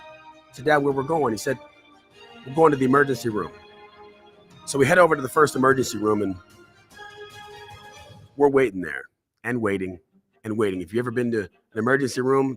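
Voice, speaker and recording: A man's voice: mid-range voice, a bit bright. A man giving a motivational talk, telling a personal story with dramatic pacing and acting out the voices of the people in it. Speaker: motivational speaker.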